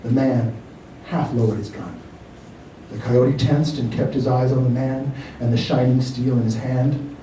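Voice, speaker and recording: Mellow-voiced man reading his fiction aloud. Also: mid-range voice. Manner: measured, expressive storytelling. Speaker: author reading his work. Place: library reading room. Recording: roomy hall from far off, faint noise.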